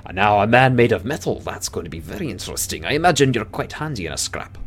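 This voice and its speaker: A man's voice: lowish voice, sing-song, fast talker. A man doing a hearty, jovial dwarf mercenary.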